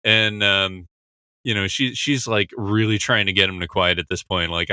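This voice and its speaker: A man's voice: fairly low pitch, normal speed, sharp tone, smooth, no room sound. A man hosting a podcast who talks in a casual, rambling way, full of fillers like "you know" and "like.". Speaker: podcast host. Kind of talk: casual podcast episode discussion.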